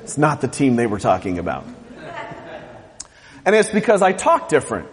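A man's voice: medium pitch, wildly swooping pitch, normal speed, in a large hall. A man from the US West Coast preaching a sermon as pastor, joking and asking the congregation questions. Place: church sanctuary.

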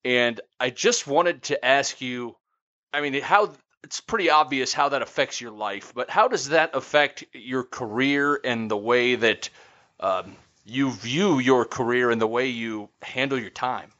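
A man hosting a podcast asks his guest a careful, gentle question. His voice is bright and forceful. The audio sounds dull and lo-fi. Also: medium pitch, measured pace. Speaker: podcast host. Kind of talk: podcast interview.

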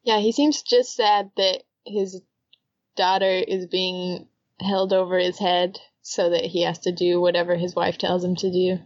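A woman's voice: fairly low pitch, little pitch movement, unhurried, no echo, dull audio. A woman co-hosting a podcast, chatting casually and recapping a story at length, laughing often. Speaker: podcast co-host. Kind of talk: casual chat.

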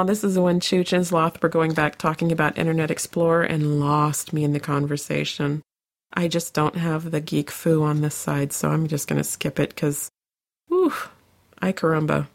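A woman's voice: deep voice, fairly even intonation, normal speed, vocal fry. A woman co-hosting a podcast, reading out listener comments in a chatty way, laughing often, her throat sore from coughing. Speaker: podcast co-host. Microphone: home podcast microphone.

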